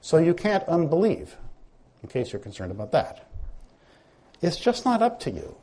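Husky-voiced man preaching with lively pitch. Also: moderate pace, long pauses. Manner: teaching, conversational, asks the listeners questions. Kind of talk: sermon.

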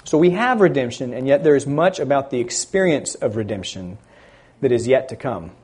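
Mellow, husky-voiced male preacher. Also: medium pitch, expressive. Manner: swells loud on key words, drops quiet at phrase ends; slow, deliberate emphasis on scripture phrases. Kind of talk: sermon.

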